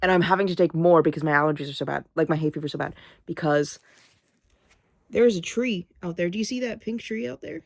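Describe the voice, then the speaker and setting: A woman's voice: lowish voice, fast talker, gravelly, a little mellow, no echo, studio quality. A sleepy, sniffly young woman vlogging in casual, rambling chat, swearing freely. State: sleepy, yawning; sniffly, congested.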